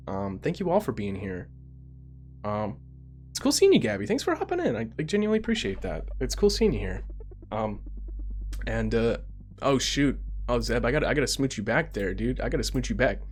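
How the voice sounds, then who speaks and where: A man in his twenties, tired and rambling in a casual chat as he winds down his livestream, stammering and often giggling. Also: medium pitch. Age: 20s. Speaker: streamer.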